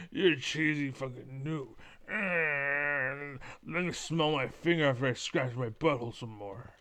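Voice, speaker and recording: Male game streamer, gravelly trash-talker, profane rants. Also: medium pitch, takes it slowly, fairly bright tone. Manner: profane, ranting, trash-talking. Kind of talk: live gameplay commentary.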